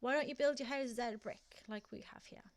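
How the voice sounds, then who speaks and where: Brief: woman streamer, Black Country accent, a bit high-pitched, chatty, laughs easily. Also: a little fast. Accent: Black Country (West Midlands English). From England. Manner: chatty, laughs often, talks to chat viewers. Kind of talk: casual chat while gaming.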